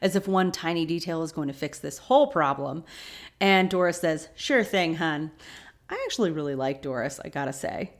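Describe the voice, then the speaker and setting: A woman's voice: low voice, brisk. Chatty woman recapping a TV episode. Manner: chatty and opinionated, retelling scenes. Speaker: rewatch podcast host.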